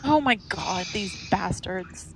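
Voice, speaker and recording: A woman's voice: medium pitch, lively intonation, slow, vocal fry, a little hiss or hum, rough recording. A woman playing in a tabletop game over a voice call, talking bluntly and teasing the others. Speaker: player. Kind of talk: casual tabletop game chat. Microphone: computer microphone on a voice call.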